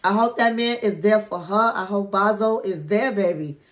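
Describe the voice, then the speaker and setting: A woman's voice: mid-range voice, moderate pace. Chatty woman doing a gossipy tv recap, calls everyone honey. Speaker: reality TV recap host.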